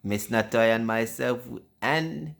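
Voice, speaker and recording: A man's voice: mid-range voice, takes it slowly, vocal fry, a bit bright. A father hosting a casual family video, rambling and often stumbling over his words.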